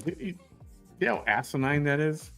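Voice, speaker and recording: A man's voice: on the high side, lively intonation, moderate pace, gravelly, fairly bright tone, faint music behind. A man hosting an opinion commentary, reacting to clips in a blunt, confrontational way and firing rhetorical questions. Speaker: host.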